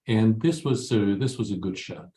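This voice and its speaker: An older man from Ukraine recounts his career as an interview guest, speaking in a somewhat low voice. He is earnest and halting, pausing often. The recording carries a roomy echo. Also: expressive, dark tone. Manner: earnest, halting, many pauses. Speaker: guest, photographer. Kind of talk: interview storytelling. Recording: echoey room.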